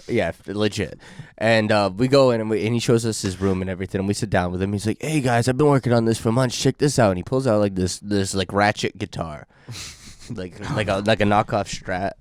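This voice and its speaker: A man's voice: fairly low pitch, no echo. A young man co-hosting a podcast, telling a long story in casual chat, rambling with lots of fillers and laughing as he goes. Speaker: podcast co-host.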